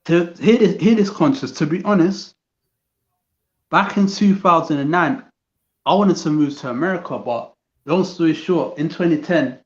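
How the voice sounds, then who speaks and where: A man's voice: on the high side, normal speed, roomy sound, highs cut off. A man, talking in a casual chat on a call, often stumbling and restarting his sentences. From England. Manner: hesitant, many restarts and fillers. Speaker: guest.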